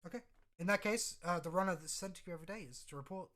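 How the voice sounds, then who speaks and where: Bright-voiced woman game master. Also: fairly low pitch, rapid-fire. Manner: rambling, hesitant, many fillers. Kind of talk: narrating a tabletop game.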